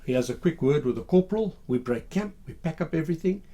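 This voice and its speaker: An older man tells his war story in a husky voice, a little high for a man. He stumbles over words and restarts, keeping it quiet and plain. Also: lively intonation. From Zimbabwe. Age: 60s. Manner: halting, repeats words, low-key retelling. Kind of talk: spoken war memoir.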